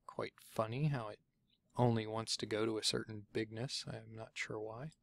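A man giving a casual software tutorial, chatty and thinking aloud as he clicks through, often stopping to correct himself. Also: lowish voice, fairly even intonation, normal speed, creaky, no echo. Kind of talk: casual screencast walkthrough.

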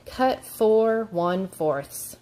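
A woman's voice: mid-range voice, animated, very slow. A woman voicing a clever young male alligator in a storybook who grumbles and mutters. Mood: grumbling. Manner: grumbling, then bold shouts.

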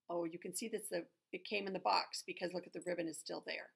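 A woman's voice: fairly low pitch, steady tone, fast, vocal fry, few pauses, slightly rough. A woman reading a picture book aloud, breaking off into chatty asides and acting out the animal sounds. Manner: chatty asides to the listener between pages. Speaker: storybook reader.

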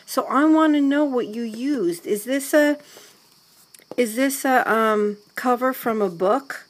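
Woman vlogger, slow-talking, gravelly, husky, gushing craft unboxing on a handheld camera. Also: a little high, lively intonation. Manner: gushing, gasping, breaks into soft whispers. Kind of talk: excited unboxing chat to camera. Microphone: handheld camera mic.

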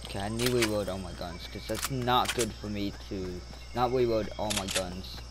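A man hosting his own gaming channel, giving live gameplay commentary that swings between muttering to himself and panicked yelling. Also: on the low side, moderate pace, very noisy.

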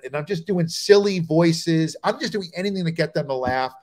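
A man's voice: a little high, normal speed, few pauses. A middle-aged man from New Jersey, a stand-up comedian telling road stories as a guest on a comedy talk show, acting out the people in them. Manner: animated storyteller, acts out quoted voices.

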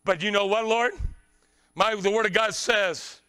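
Fervent high-voiced male preacher. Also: fairly even intonation, a little slow, clear, resonant tone. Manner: fervent preaching, swinging from shouts to hushed tones. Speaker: pastor. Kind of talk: sermon.

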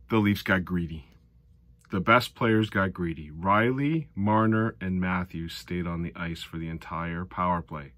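A middle-aged man giving a casual recap of a hockey game, animated and sarcastic, often exasperated. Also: low voice, dry recording. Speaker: hockey fan commentator.

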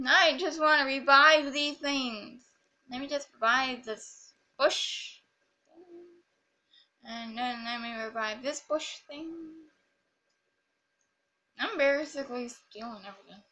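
A woman's voice: high voice, steady tone, unhurried, pauses often, bright, forceful tone. A woman rambling and joking through casual gameplay commentary. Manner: rambling, silly and jokey. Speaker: gamer.

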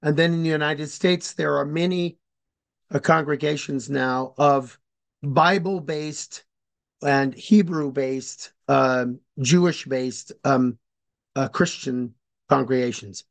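Male lecturer, slightly high voice, unhurried and halting, explains carefully and spells words out. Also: vocal fry. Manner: hesitant and deliberate, many fillers and restarts. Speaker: speaker on religious history. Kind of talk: informal lecture.

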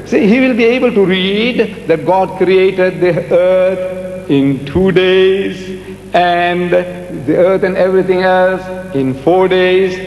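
An older man with a high voice answers questions from a debate audience, animated and rhetorical, hammering points home by repetition. The sound carries the long echo of a large hall, with faint music underneath. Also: muffled recording. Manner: animated, rhetorical, repeats words for emphasis. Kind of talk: public debate Q&A.

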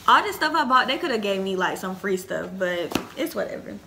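A young woman, chatting excitedly to her viewers as she unboxes a shopping haul. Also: medium pitch, a little fast, vocal fry, background noise. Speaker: haul vlogger. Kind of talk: casual chat to camera.

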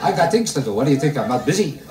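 Kvetching stand-up comedian, roomy live recording. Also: male voice, mid-range voice, racing. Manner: deadpan kvetching delivery, rhetorical questions to the crowd. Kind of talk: stand-up routine before a live audience. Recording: roomy live club recording, mic heard from a distance. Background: audience laughter.

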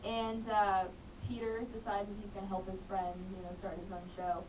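A woman's voice: medium pitch, steady tone, normal speed, noisy background. A young woman, an actress and business manager, chatting in a radio interview and laughing easily. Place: radio studio. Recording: distant, muffled radio studio audio.

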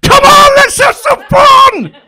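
A man voicing a hyper, pushy male holiday entertainer who shouts everything. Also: extremely high pitch, takes it slowly, heavy background noise, pitched above the performer's own voice, exaggerated voice. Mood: manic, pushy. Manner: loud, pushy, over-excited.

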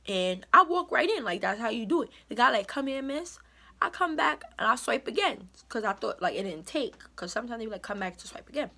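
Animated young woman telling a storytime. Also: a little high. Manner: animated, emphatic, indignant storytelling. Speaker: vlogger. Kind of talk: storytime vlog.

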